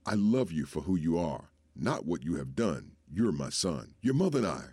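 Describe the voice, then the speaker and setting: A man's voice: sits low, very animated, normal speed, warm tone, slightly rough, no echo, heavily acted. A man reading as a tender old father. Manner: tender, pleading, breaking down. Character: grieving old father, gentle and proud.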